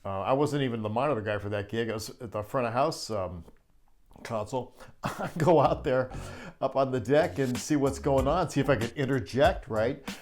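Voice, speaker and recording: A man's voice: mid-range voice, moderate pace, a little mellow. A middle-aged man who works as a live sound crew chief, telling a backstage story in a chatty, laughing way. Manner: chatty, laughing, acts out quotes. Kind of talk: storytelling anecdote.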